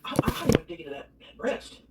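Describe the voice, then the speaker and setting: A man with a Southern US accent chatting bluntly while eating, humming between bites and swearing casually. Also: fast. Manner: blunt, swearing, lots of chewing hums. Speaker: food vlogger. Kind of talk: casual mukbang chat. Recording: roomy, distant mic, background noise.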